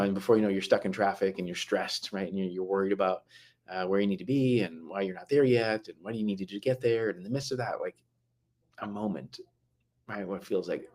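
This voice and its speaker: Low-voiced man talking on a live stream. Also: darkish tone. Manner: conversational, many fillers and restarts; slows to stress key words. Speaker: mental health talk host.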